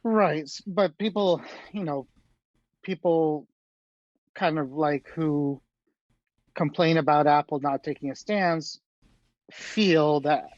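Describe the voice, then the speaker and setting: A man talking in a loose, earnest way on a tech podcast, circling his points with many fillers. His voice sits slightly high. The audio is dull and lo-fi, dry with no room sound. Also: slow pace, pauses often, darkish tone, no room sound. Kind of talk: casual tech podcast chat.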